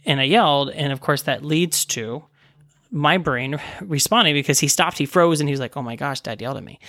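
A man's voice: mid-range voice, vocal fry, fairly bright tone, no room sound, studio quality. A man in his thirties, a pediatrician, talking casually about parenting, often tagging his points with "right?" and acting out inner voices. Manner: conversational, frequent "right?" tags, acts out inner voices. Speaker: pediatrician and parenting podcast host. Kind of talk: casual solo talk.

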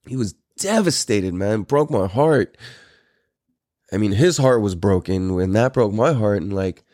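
A man's voice: fairly low pitch, lively intonation, unhurried, a little mellow, no room sound, clean studio sound. A man in his thirties hosting a podcast, telling a story in a rambling, profane way with many fillers. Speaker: podcast host. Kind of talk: casual storytelling.

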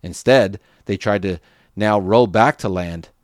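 A man reading scripture aloud in a measured, steady way. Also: lowish voice, no room sound, clean studio sound. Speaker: scripture reader.

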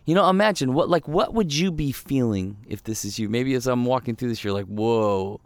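Gravelly-voiced man preaching conversationally. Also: mid-range voice, a little fast, no room sound. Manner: animated storytelling, frequent rhetorical questions to listeners. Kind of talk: conversational sermon.

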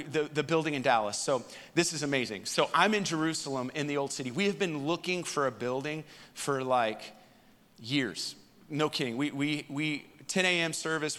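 Male pastor, mid-pitched, casual storytelling sermon, long hall reverb. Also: fairly bright tone. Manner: conversational storytelling with fillers. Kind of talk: sermon testimony.

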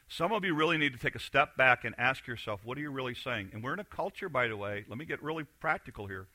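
A man preaching a sermon as pastor, swinging between loud emphatic lines and quiet, confiding asides. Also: medium pitch, no room sound.

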